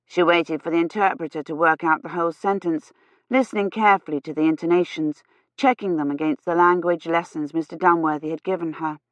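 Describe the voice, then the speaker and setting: A woman narrating an audiobook in a measured, unhurried reading. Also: lowish voice, fairly even intonation, no room sound. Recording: slightly dull, dry audio.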